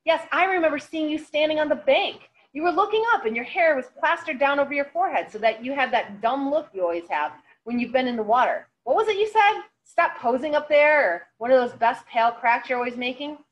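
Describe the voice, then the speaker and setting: A woman's voice: sits high, very animated, a little fast, fairly bright tone, lo-fi sound, pitched above the performer's own voice. A woman reading the lines of an earnest, friendly teenage boy in a novel, with a fumbling, open manner. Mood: eager.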